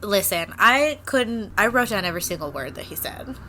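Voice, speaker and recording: A woman's voice: mid-range voice, animated, moderate pace, pushed and bright, a little hiss or hum. A woman co-hosting a podcast, chatting casually about a movie, swearing, laughing and getting worked up. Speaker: podcast co-host.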